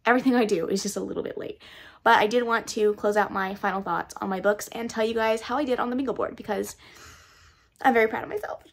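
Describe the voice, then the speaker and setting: A young woman talking casually to the camera at home about the books she is reading, animated and self-deprecating. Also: mid-range voice, fast talker, vocal fry, no room sound. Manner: chatty, animated, self-deprecating with bursts of loud excitement. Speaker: book vlogger. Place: her home.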